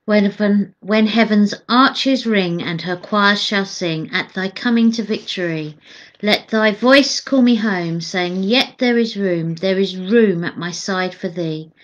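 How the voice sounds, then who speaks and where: A woman's voice: mid-range voice, slow pace. Woman reading scripture on a lo-fi stream. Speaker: co-leader of midday church prayers. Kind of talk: casual chat and reading scripture aloud.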